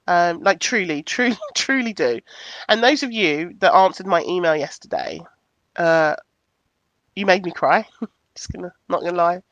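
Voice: mid-range voice, moderate pace, fairly bright tone, dry recording, muffled recording. A podcast host in casual chat, reading out listener comments, candid and affectionate, who swears casually.

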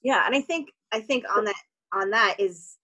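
Calm woman with a breathy voice. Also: medium pitch, moderate pace, rough recording. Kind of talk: casual conversation.

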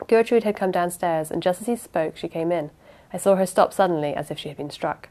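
A woman reading a first-person mystery novel aloud in a plain, steady storytelling manner. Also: lowish voice, fairly quick. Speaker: audiobook narrator.

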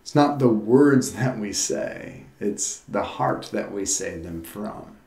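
A man's voice: on the low side, expressive, takes it slowly, darkish tone. Guy pastor preaching, talks plain and earnest, stumbles and restarts a lot, roomy echo around him. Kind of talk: sermon.

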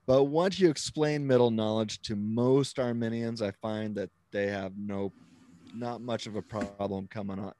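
A man's voice: lowish voice, steady tone, moderate pace, dark tone, slight background noise. A man who is a Christian author and apologist, explaining ideas step by step as an interview guest and often checking in with "right?". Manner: explanatory, checks in with frequent "right?", steps through ideas with restarts. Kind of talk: conversational interview, explaining theology.

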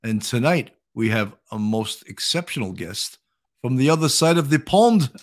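An older man with a New York accent, a retired policeman, hosting a podcast interview in a chatty, halting way. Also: mid-range voice, lively intonation. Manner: chatty, hesitant with many fillers and restarts. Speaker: podcast host. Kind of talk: casual interview chat.

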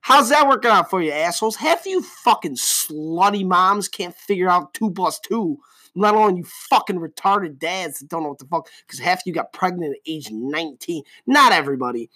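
An angry man rants on his podcast, cursing constantly. His pitch leaps high and drops low as he shifts between loud outbursts and low mutters, all in a casual, profane monologue. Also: expressive, moderate pace. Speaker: podcast host.

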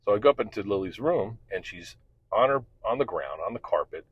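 A middle-aged man with a very low, husky voice tells a story in a loose, rambling way. He talks candidly and swears freely. The recording sounds dull and lo-fi. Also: expressive, a little fast, no echo. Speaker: podcast host and father. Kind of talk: casual storytelling monologue.

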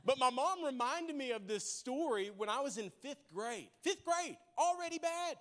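High-voiced man preaching a lively sermon. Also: normal speed. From Arkansas. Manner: lively, humorous, laughs often, addresses congregation directly. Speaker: pastor. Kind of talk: sermon with storytelling. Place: church.

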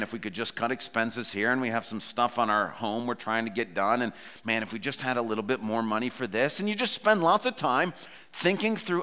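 A man's voice: mid-range voice, bright, forceful tone, smooth, big-room sound. A pastor in his forties preaching a sermon in a conversational, personal storytelling way.

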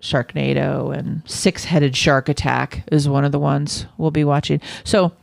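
A woman's voice: deep voice, steady tone, unhurried, creaky, dry recording. Chatty woman podcast host, dry close mic. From California. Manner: laughs often, chatty and playful. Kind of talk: casual chat.

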